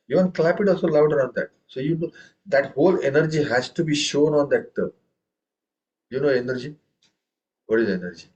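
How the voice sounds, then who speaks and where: A man's voice: fairly high pitch, brisk, pauses often, darkish tone, highs cut off. A man teaching a tabla lesson. He asks his students question after question and recites drum syllables with strong stress on the first one. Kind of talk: online group music lesson.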